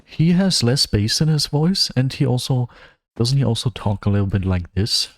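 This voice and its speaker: A man's voice: mid-range voice, lively intonation, moderate pace, dry recording. A young man from Germany, giving wry, self-mocking running commentary while streaming a game. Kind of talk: casual gameplay commentary.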